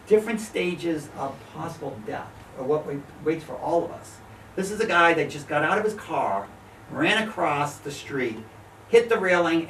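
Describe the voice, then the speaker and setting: A middle-aged photographer giving an informal slide talk to a gallery audience, an animated storyteller who laughs often and acts out the voices he quotes. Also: on the high side, recorded from a distance, a little hiss or hum. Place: small art gallery with an audience. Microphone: room recording from a distance. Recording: echoey gallery room, voice from off-mic.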